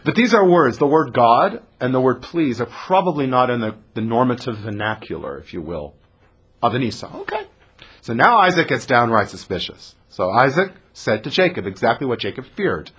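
Speaking at a moderate pace in a husky, mid-range voice, a man leads a text study class. He keeps it lively and conversational, asking questions of the students present.

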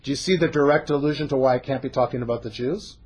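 A man's voice: medium pitch, fast, a little mellow, slightly rough. A man teaching a Torah text-study class, explaining animatedly and dropping Hebrew terms into his English.

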